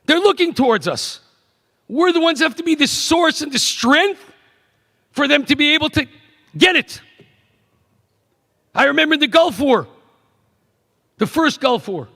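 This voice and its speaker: A middle-aged man, a rabbi giving a keynote address, telling stories in an animated way that swings from hushed to emphatic. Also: very high-pitched, a little slow, creaky, pauses often. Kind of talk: storytelling speech. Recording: echoey banquet hall PA.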